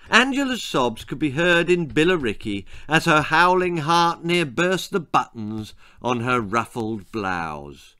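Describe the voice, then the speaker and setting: A man reading his own darkly comic children's story aloud, theatrical and lively, voicing every character himself. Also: medium pitch, unhurried, few pauses, clean tone, no room sound, clean studio sound.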